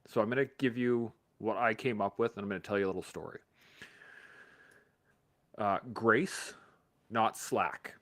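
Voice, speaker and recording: A man from Canada hosting a live stream, telling a profane, animated story in a casual motivational way, laughing often. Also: lowish voice, moderate pace, pauses often.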